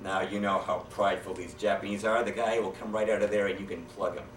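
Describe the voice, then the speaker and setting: A man doing a stand-up routine, telling jokes with deadpan setups and quoted character voices. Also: on the low side, quick pace, a little hiss or hum. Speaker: stand-up comedian. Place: hotel meeting room. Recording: echoey hall from far off. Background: audience laughter.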